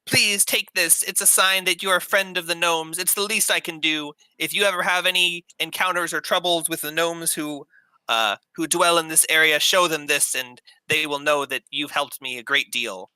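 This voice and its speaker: A man voicing a timid, grateful male gnome prisoner in a tabletop game, with a high, soft, pleading voice. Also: fairly even intonation, normal speed, smooth, no room sound, rough recording. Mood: earnest.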